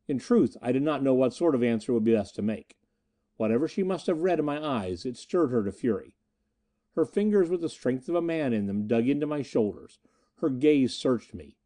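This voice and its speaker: A male narrator reads a first-person adventure tale in an earnest, dramatic way. His voice is mellow and warm in tone. His pitch rises and falls freely as he tells the story. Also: lively intonation, normal speed. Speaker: audiobook narrator.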